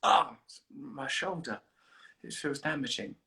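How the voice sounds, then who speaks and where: A man talks casually to his livestream viewers from home, holding the phone himself. His voice is bright and forward, and he rambles in a loose, playful way that turns earnest. The sound is close and direct from the handheld phone. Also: medium pitch, slow pace, gravelly, slightly rough. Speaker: livestream host. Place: indoors at home. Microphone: phone held at arm's length.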